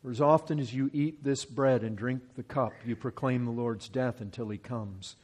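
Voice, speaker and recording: A man preaching a sermon, working through scripture verse by verse. He swings from loud, pressing emphasis to hushed, slowed lines. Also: mid-range voice, fairly even intonation.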